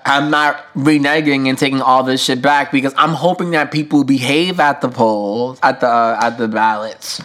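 A man's voice: on the high side, a bit bright. Candid, cussing male podcast host. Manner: candid and emotional, swearing freely; casual, slangy, with frequent fillers. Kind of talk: solo podcast monologue.

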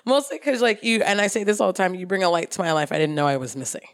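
A woman's voice: mid-range voice, sing-song, very fast, no echo, clean studio sound. A young adult woman co-hosting a casual podcast chat, bubbly and teasing, laughing often. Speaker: podcast co-host.

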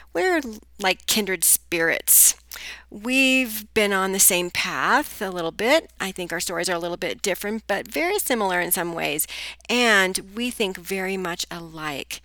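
A woman's voice: medium pitch, pushed and bright, no echo. A middle-aged woman hosting a business podcast, reading a scripted intro in an upbeat sing-song way before starting an interview. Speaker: podcast host and business coach.

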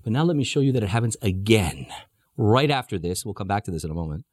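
A man's voice: lowish voice, expressive, fast, darkish tone, dry recording. A man teaching a scripture class in an emphatic way, with rhetorical questions and playful asides. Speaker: religious teacher.

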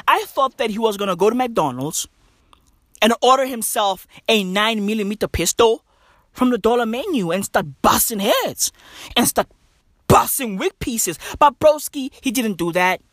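A woman's voice: a little high, lively intonation, a little slow, no room sound, studio quality. A woman from Africa, delivering a profane, slang-heavy comedic rant that keeps checking in with "right?". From South Africa.

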